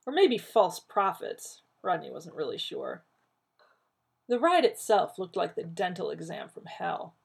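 A woman reading a story aloud in an expressive way, with a creaky, husky voice. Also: fairly low pitch, unhurried. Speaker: reader.

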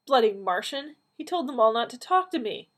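A woman's voice: mid-range voice, lively intonation, natural voice. A woman voicing a brash redhead. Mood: spirited. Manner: brash, quick-tempered. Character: feisty red-haired young British woman.

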